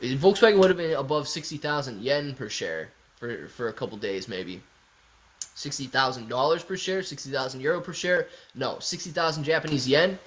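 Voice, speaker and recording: A young man hosting a casual stock market live stream, reading viewer comments aloud and riffing on them in a chatty, excitable way. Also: medium pitch, moderate pace. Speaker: stock market livestream host.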